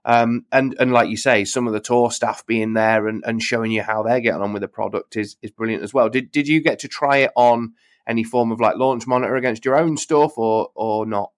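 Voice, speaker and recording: A man's voice: mid-range voice, steady tone, a little fast, no room sound, studio quality. A man who is a golf club pro, chatting casually on a podcast, repeating words as he talks. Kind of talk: casual chat.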